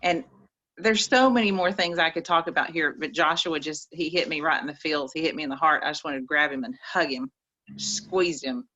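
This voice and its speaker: A woman's voice: sits low, a little fast, bright, forceful tone, poor audio. A woman with an East Texas accent giving folksy, preachy motivational advice on a group call. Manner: folksy, preachy, says y'all.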